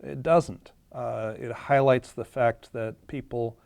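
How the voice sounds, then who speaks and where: A man's voice: mid-range voice, fairly even intonation, slow pace, vocal fry, darkish tone, no room sound. Dry-voiced man presenting a webinar. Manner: explanatory, with fillers and self-corrections. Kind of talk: webinar presentation walking through charts.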